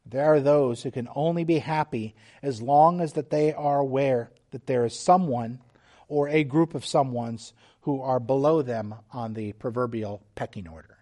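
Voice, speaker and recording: Pastor preaching in an earnest, measured way. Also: male voice, mid-range voice, warm tone. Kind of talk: sermon.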